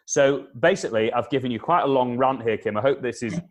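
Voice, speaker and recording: A man, a communication consultant, giving animated advice in an interview, repeating his key points and acting out past conversations. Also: medium pitch, fairly quick. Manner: energetic, repeats key points, acts out dialogue. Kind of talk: animated advice with acted-out anecdotes.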